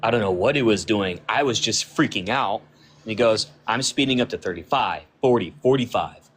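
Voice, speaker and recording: A man's voice: fairly low pitch, normal speed, fairly bright tone, a little hiss or hum. A man who is a podcast guest, casually retelling a friend's encounter in a loose, conversational way and acting out the dialogue. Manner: loose and conversational, with frequent "like" fillers. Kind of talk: casual storytelling.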